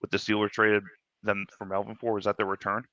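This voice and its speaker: A middle-aged co-host speaks in an easygoing, measured way and makes dry remarks. His voice is low but bright in tone. The recording is dry and close. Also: monotone, no room sound, highs cut off. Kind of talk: casual live-stream chat.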